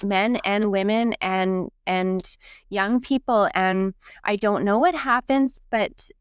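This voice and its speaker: A woman's voice: medium pitch, fairly even intonation, takes it slowly, smooth, no room sound, studio quality. A woman hosting a podcast, who affirms her guest and searches for words as she talks casually. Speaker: podcast host. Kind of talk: casual interview chat.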